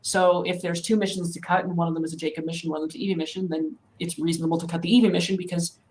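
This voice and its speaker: Thoughtful low-pitched woman talking on a panel. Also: flat delivery, very fast, a little mellow, a little hiss or hum, low-quality recording. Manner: thoughtful, reasons step by step with many "you know"s. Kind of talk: panel discussion.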